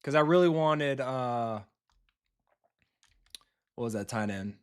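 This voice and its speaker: A man chatting with his viewers as he plays a football video game live. He talks in a loose, blunt way, swears freely and reacts fast to each play. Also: medium pitch, clean tone. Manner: casual, blunt and profane, quick reactions to the game.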